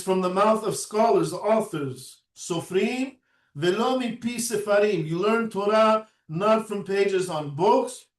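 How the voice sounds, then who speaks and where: A man lecturing at a slow, deliberate pace, his voice sitting notably high for a man. He keeps checking in with the listener with a questioning "right?" and fills gaps with "uh". He is picked up from some distance in an echoey room. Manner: unhurried, often adds a questioning "right?" and "uh". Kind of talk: recorded lecture.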